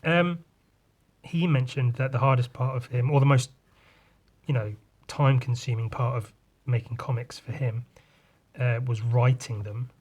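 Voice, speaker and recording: Husky guy hosting a drawing podcast, playful and rambling, mid pitch. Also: fairly even intonation, a little slow, pauses often, a little mellow. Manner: rambling, swears freely, playful. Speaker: podcast host and comic artist. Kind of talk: casual chat.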